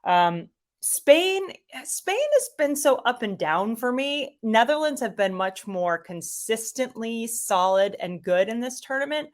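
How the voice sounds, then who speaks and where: A middle-aged soccer commentator, guesting on a casual interview, chats in an animated, enthusiastic way full of fillers. Her voice is a little high and she takes her time.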